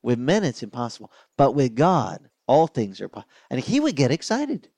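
An older man preaching a sermon as pastor, telling stories with lively acted-out voices. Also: mid-range voice, normal speed, dry recording. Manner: animated storytelling, acting out voices of others.

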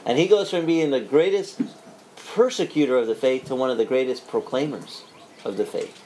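A man preaching with a slightly raised voice, telling his story in a lively, joking manner and often tripping over and restarting his words. Faint birdsong drifts in behind him. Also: fairly high pitch, normal speed, slight background noise, poor audio. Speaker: pastor. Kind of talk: sermon.

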